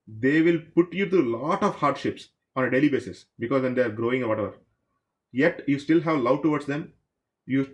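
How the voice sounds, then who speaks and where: A man who teaches a devotional story class and speaks conversationally, addressing his listeners directly. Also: mid-range voice.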